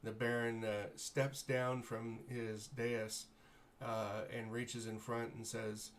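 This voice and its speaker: A man narrates a tabletop game as game master, his voice sitting at an ordinary middle pitch. He talks very slowly and unscripted, pausing and correcting himself as he pieces the scene together. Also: level tone, a little hiss or hum.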